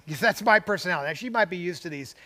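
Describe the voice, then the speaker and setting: An older man with a high-pitched voice spins a long story in easy conversation. He wanders into tangents, restarts his sentences and chuckles along the way as a talk-show co-host. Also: expressive, fast, pushed and bright. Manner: rambling, goes off on tangents with frequent restarts; chuckles between phrases. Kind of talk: casual storytelling chat.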